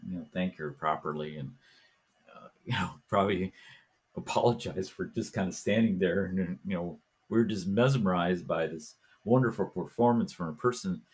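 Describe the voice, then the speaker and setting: Low-voiced man telling an animated story. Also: husky. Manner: animated, acts out voices and chants in his story. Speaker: podcast host. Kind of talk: storytelling in casual talk.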